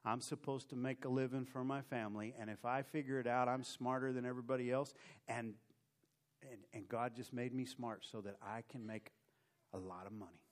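A man preaching and telling a personal story in a lively way, mocking himself as he acts out the scenes. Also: medium pitch, a little fast. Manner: animated, self-mocking storyteller who acts out his own story. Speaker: preacher giving a testimony. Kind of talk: sermon storytelling.

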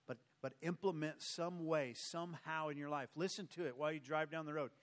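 Man preaching with a slightly high voice. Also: fairly even intonation, a little fast. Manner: preacher's closing exhortation and prayer, repetitive emphatic phrasing. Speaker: pastor. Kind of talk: sermon. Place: church sanctuary.

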